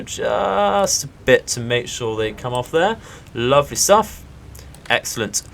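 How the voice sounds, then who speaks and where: A man's voice: lowish voice, a bit bright, slight background noise. A man hosting a let's play, giving polite, upbeat commentary on each move and laughing off setbacks. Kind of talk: gameplay commentary.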